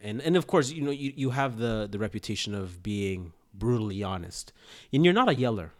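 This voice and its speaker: A young man with a slightly low voice chats casually, animated and full of laughter. He tells his story by acting out the lines of the people in it. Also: a little fast. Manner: animated storyteller, laughs often, acts out quotes. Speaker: former player, interviewer. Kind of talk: casual conversation.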